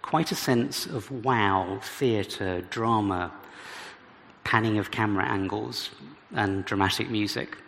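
Male preacher, lowish gravelly voice, expository sermon in a church hall with long reverb. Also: slow pace, a bit bright. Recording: reverberant hall with faint background noise.

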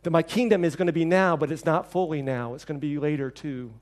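A middle-aged man preaching a sermon, telling stories and acting out quoted voices with lively shifts. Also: quick pace. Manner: storytelling, acts out quoted voices with lively shifts in pitch and level. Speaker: pastor.

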